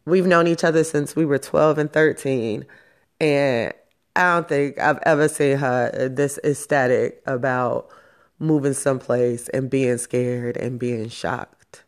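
A woman in her forties speaks slowly and unhurriedly, hosting a personal vlog. She talks rawly and emotionally and swears freely, hyping herself up between heavy moments. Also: very deep voice, steady tone. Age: 40s. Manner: slow, profane, emotional and self-hyping. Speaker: vlog host. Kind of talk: raw personal vlog monologue.

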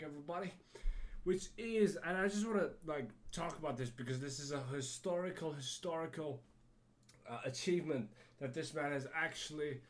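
A man hosting a solo podcast, rambling casually with frequent restarts and little laughs. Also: a little high. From Germany. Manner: rambling, self-correcting, laughs to himself. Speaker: podcast host.

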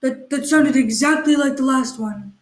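A woman's voice: sits high, moderate pace. A woman co-hosting a comedy podcast, questioning her partner in mock exasperation, with plenty of fillers. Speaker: podcast co-host. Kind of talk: improvised comedy banter. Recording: echoey room.

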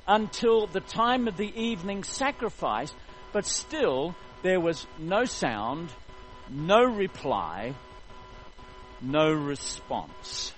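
A man preaching a sermon, retelling a story in an animated, jokey way. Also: sits high, low-quality recording.

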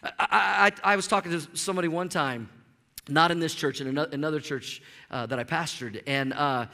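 A middle-aged man preaches to his congregation, animated and storytelling, tripping over repeated words as he presses his point. His voice sits high and bright. It rings with the long reverb of a large church hall. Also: brisk, gravelly. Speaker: pastor. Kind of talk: sermon. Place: church sanctuary.

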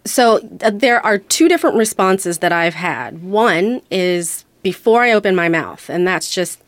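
A woman's voice: mid-range voice, lively intonation, unhurried, no echo. A woman with an American accent, speaking as a guest on a radio panel in a thoughtful, candid way. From United States. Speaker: panel guest, audio engineer and radio co-host.

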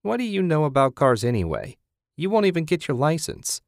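A man's voice: a little high, big pitch swings, fairly quick, creaky, no echo, studio quality, pitched above the performer's own voice. A man reading the part of a stubborn husband who loves cars, enthusiastic and defensive in an audiobook. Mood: excited. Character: eager car-loving husband, stubborn.

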